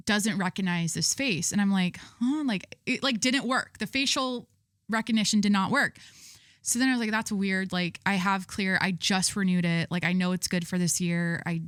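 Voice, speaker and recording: A woman's voice: mid-range voice, a bit bright, no echo, clean studio sound. A young woman hosting her own podcast, telling stories in a rambling, chatty way full of fillers. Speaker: podcast host. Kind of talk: casual chat.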